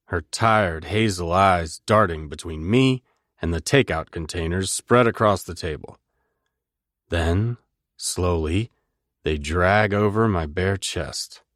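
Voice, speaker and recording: Male audiobook narrator, deep voice, intimate and measured, dry booth sound. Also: no echo. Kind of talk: first-person romance narration.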